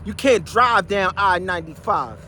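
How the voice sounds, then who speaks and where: A New man in his sixties holds forth outdoors in a loud, boastful street monologue, firing off rhetorical questions. His voice sits high for a man. Faint traffic hums behind him. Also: expressive, normal speed. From New Jersey. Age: high school in 1975, so 60s.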